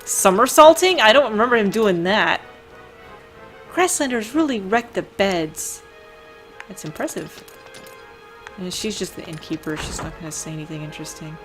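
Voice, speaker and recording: A woman's voice: mid-range voice, expressive, moderate pace, pauses often, a bit bright, faint music behind. A woman hosting a video game playthrough, chatting casually and reading the characters' lines aloud with frequent laughter. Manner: reads game dialogue aloud, laughs easily. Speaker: let's play host. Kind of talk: casual gameplay chat.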